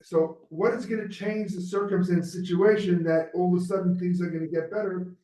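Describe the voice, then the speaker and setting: A man asking halting questions in a scripture class, restarting as he works out his point. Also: sits high, steady tone, dark tone. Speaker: student. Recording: roomy sound, far from the mic.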